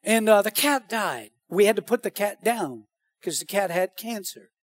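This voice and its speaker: A man preaching a sermon as pastor, animated and calling out to the congregation. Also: high-pitched, normal speed, dry recording.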